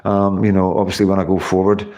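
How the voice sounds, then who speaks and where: Casting: male streamer, lowish voice, worn out, chatty, thanks everyone by name. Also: monotone, fast, darkish tone. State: tired. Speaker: livestream host. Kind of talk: casual livestream sign-off.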